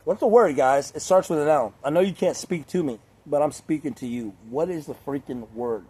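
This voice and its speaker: A young man talking casually to camera in a crude, rambling way, laughing often and mimicking others in high voices. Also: moderate pace, few pauses, mellow, slightly rough. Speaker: vlogger.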